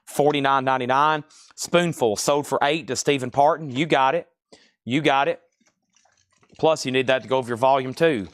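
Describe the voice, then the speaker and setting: A man hosting a live-stream record sale, calling out titles, bids and prices in a steady stream. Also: medium pitch, no room sound. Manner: rapid-fire listing of items and prices. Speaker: live auction seller.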